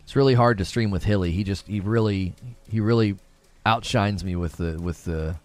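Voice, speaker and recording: A man's voice: lowish voice, normal speed. A man streaming a game, chatting casually with his viewers, self-mocking and restarting often. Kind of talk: casual livestream chat while playing.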